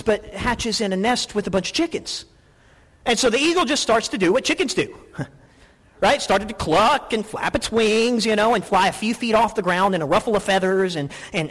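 Guy preaching, kinda breathy voice, lots of echo like a big church. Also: high-pitched. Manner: storytelling, animated, repeats words when excited. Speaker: pastor. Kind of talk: sermon.

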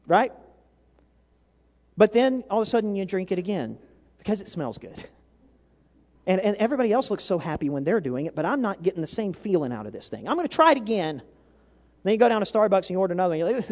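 High-voiced pastor preaching in a reverberant hall. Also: male voice, fast. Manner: animated, conversational preaching with repetitions and restarts. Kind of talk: sermon.

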